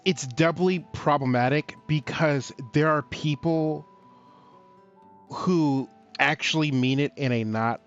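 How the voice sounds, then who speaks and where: A man co-hosting a casual livestream talk show, speaking slowly and haltingly with many fillers and restarts. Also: a little high, highs cut off.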